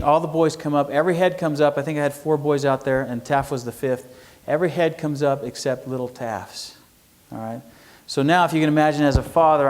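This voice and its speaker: Middle-aged male speaker, slightly high voice, folksy lecture style with audience questions. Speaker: entrepreneur speaker. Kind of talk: lecture to students. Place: university lecture hall.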